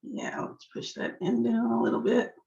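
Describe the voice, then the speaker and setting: A slightly hoarse woman teaching a jewelry-making craft step by step, chatting to herself as she works. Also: fairly high pitch, fairly even intonation, normal speed, mellow. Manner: chatty, talks to herself while working. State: slightly hoarse, losing her voice. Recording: echoey room, dull lo-fi sound.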